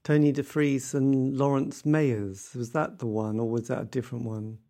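A man's voice: medium pitch, flat delivery, normal speed, mellow. A man interviewing, asking brief follow-up questions.

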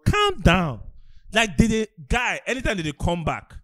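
A man co-hosting a podcast, animated and fond of repeating catchphrases. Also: sits high, fairly quick, no room sound, studio quality. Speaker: podcast co-host. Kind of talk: rowdy banter among friends.

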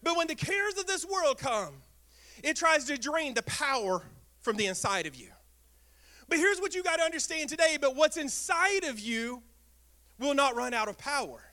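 A man preaching a sermon as pastor, talking in a lively way and asking the congregation questions. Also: extremely high pitch, moderate pace. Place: church sanctuary.

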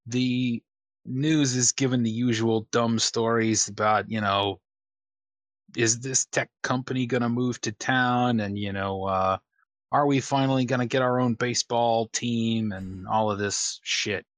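A man narrating as game master of a tabletop game, unhurried, with many fillers and casual swearing. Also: medium pitch, steady tone, dry recording.

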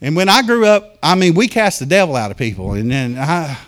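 A man preaching a fervent sermon to a congregation, telling stories and talking straight to the people in church, swinging from loud to hushed. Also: on the high side, lively intonation, brisk. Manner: addresses congregation directly. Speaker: pastor.

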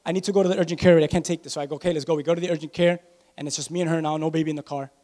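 A man preaching a sermon as pastor, animated, telling personal stories and calling out to his congregation. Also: fairly high pitch, rapid-fire. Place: church sanctuary. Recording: long reverb of a large church hall.

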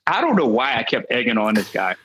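Man telling stories with animated voices. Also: mid-range voice, brisk, breathy edge, dry recording, poor audio. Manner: animated, acts out quoted voices. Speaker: comedian guest. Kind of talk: comic storytelling.

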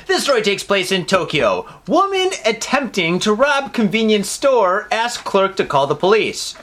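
A man's voice: sits high, sing-song, normal speed, fairly bright tone. A man co-hosting a casual comedy news podcast, reading stories and riffing with crude jokes. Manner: profane, jokey, breaks into silly voices. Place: Japan.

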